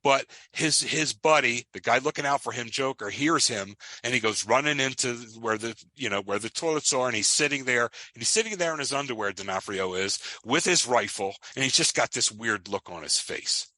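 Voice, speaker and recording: A man's voice: mid-range voice, expressive, moderate pace, hardly any pauses, bright, forceful tone, dry recording. A man co-hosting a podcast, retelling a movie scene in casual chat with emphatic outbursts and frequent restarts. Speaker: podcast co-host.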